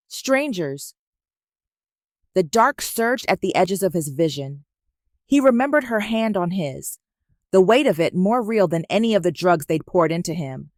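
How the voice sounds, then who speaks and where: A woman narrating a romance story in a measured, even reading. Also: fairly low pitch, no echo, clean studio sound.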